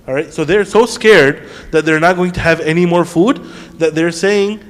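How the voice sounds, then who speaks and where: A man with a slightly high voice teaches a class in a mosque hall, and his words ring out in a long reverb. He puts questions to his listeners as he explains. He recites Arabic verses at a quick clip. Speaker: teacher of Quran commentary. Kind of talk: classroom lesson.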